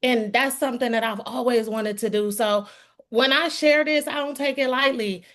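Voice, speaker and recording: A middle-aged woman gives a heartfelt testimonial on a group call. Her slightly high voice carries an earnest, folksy warmth, and she calls her listeners "y'all.". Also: normal speed. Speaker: guest speaker giving a testimonial.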